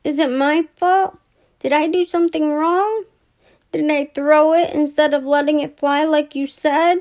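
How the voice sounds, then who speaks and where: A little boy bear cub from a children's storybook, eager and easily thrilled, as a woman reader puts him on. His voice sits far above her own and squeaks with breathless wonder. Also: fairly even intonation, measured pace, darkish tone. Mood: worried. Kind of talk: storybook reading.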